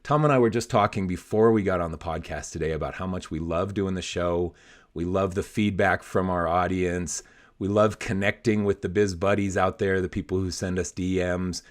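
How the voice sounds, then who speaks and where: A man's voice: low-pitched, steady tone, normal speed. Upbeat, jokey male podcast host. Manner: upbeat, jokey, laughs often. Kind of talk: casual business podcast chat.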